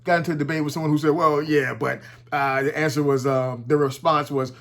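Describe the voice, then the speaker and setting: A man giving casual, animated commentary at home, talking with heavy profanity and frequent restarts. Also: mid-range voice, fast talker. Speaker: commentary vlogger. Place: at home with his dog nearby.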